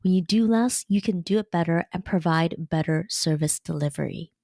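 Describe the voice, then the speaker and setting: Canadian woman, low dry podcast voice. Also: moderate pace, vocal fry, dry recording. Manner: steady, direct, instructive delivery. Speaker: podcast host and business coach. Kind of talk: scripted solo podcast talk.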